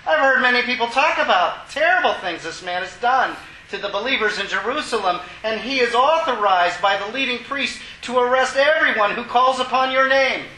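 Ananias, an anxious believer protesting to the Lord, as a male preacher puts him on. He sounds pleading and worried, his voice raised high and very bright. The sound echoes around a roomy room. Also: lively intonation, moderate pace, full character voice.

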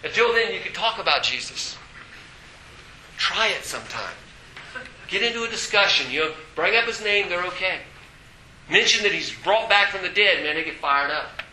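Bright-voiced animated man preaching. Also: high-pitched, moderate pace, long pauses, echoey room, slight background noise, poor audio. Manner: animated, breaks into shouts and acted quotes. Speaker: pastor. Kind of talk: sermon.

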